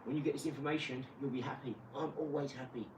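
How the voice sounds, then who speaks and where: A man's voice: mid-range voice, fairly even intonation, quick pace, highs cut off, background noise. A man ranting on a live stream, blunt, boastful and rambling. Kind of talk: casual live-stream rant. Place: garage. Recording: echoey garage, mic far off.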